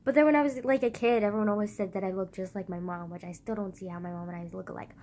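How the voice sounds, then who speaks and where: A woman vlogging to her phone's front camera, rambling casually with a squeaky voice gone slightly husky from being sick. She is loud and giggly, swears freely, and pokes fun at herself. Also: steady tone, very fast. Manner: loud, giggly, swears a lot, self-mocking.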